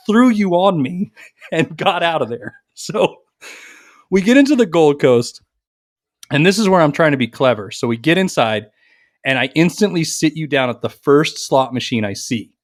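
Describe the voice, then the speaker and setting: With clean studio sound and no room noise, this man co-hosts a podcast and stretches out a long story in casual, profane chat. He's animated and performs everyone's quotes in a high-pitched voice.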